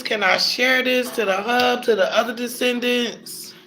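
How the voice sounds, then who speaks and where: A man's voice: extremely high pitch, fairly even intonation, unhurried, bright, forceful tone, a little hiss or hum, low-quality recording. A man vlogging his emotional reaction, talking in a tearful, heartfelt way with casual slang.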